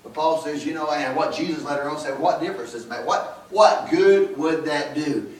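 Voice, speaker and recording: Pastor preaching in an echoey church. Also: male voice, fairly high pitch, normal speed. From Georgia, US. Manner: folksy, storytelling, quoting scripture. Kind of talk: sermon. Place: church sanctuary. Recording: echoey church room, mic at a distance.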